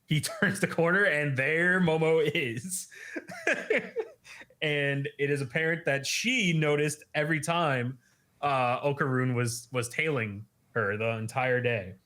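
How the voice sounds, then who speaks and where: Slow, chuckly man recapping a story. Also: fairly high pitch, sharp tone. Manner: laughs often, loose with fillers. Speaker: podcast host. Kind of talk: casual chapter recap.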